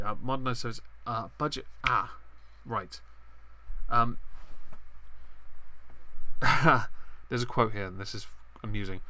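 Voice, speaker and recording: A man's voice: medium pitch, bright, forceful tone. A man, congested and breathing heavily, giving opinionated, rambling live-stream commentary and swearing now and then.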